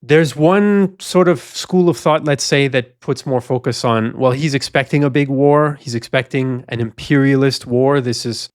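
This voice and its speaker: A man's voice: medium pitch, normal speed, hardly any pauses, clear, resonant tone, no echo, studio quality. A man co-hosting a history podcast, laying out background context at length in a discussion. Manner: explanatory, lays out context at length. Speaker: podcast co-host.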